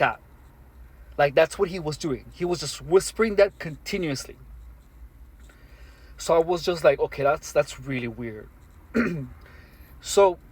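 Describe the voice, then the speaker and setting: A man speaking alone to the camera in an earnest, matter-of-fact monologue, halting with many restarts and fillers. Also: on the high side, husky. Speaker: vlogger. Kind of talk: first-person monologue to camera.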